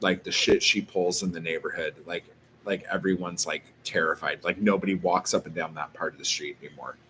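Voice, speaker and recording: A man's voice: low voice, fairly even intonation, fairly quick, pushed and bright, a little hiss or hum. A man vlogging casually, rambling through a story full of filler words and swearing.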